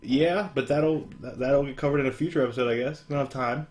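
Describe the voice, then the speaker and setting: A man in loose, joking podcast banter, ribbing his co-host and trailing off into restarts. His voice sits in an ordinary middle pitch. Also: quick pace, a little mellow. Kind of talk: casual chat.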